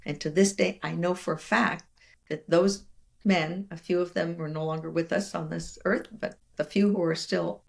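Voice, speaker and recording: An older woman with a low, gravelly voice tells stories in conversation as an interview guest. She is animated and expressive, slipping into the voices of the people she quotes. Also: moderate pace. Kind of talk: storytelling in conversation.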